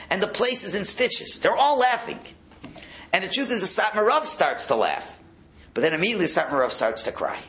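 Lively, bright-voiced rabbi giving a sermon. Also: male voice, fairly high pitch. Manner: storytelling with rising excitement and acted quotes. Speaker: rabbi giving a Torah class. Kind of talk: sermon-style Torah talk.

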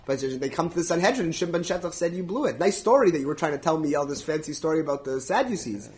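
A man teaching a Talmud class in an animated way, laughing often and translating Hebrew and Aramaic phrases as he goes. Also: on the high side, quick pace.

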